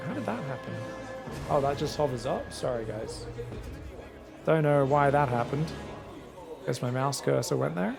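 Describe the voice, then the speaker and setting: A man commentating a strategy game solo, quick excitable play-by-play with casual asides to his viewers. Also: on the high side, creaky, music in the background. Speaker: esports caster.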